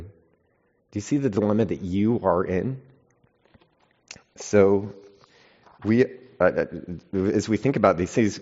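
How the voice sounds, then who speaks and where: A man preaching a sermon, reading scripture with strong emphasis and dropping to quiet stresses, with casual asides to his listeners. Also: deep voice. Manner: conversational asides to the congregation. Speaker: pastor. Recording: dull lo-fi sound.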